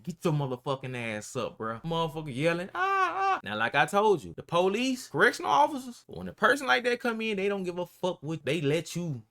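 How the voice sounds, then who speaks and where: Dude telling a wild story straight to camera, real slangy and cussing, punchy bright voice. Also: male voice, sits high, very animated, brisk, few pauses. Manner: profane, slangy, streetwise storytelling. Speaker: YouTuber telling prison stories. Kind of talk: casual storytelling.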